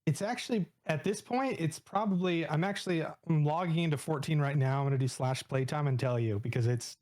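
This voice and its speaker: A man's voice: on the high side, a little fast, darkish tone. A man co-hosting a stream, chatting in an easygoing, casual way. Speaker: co-host.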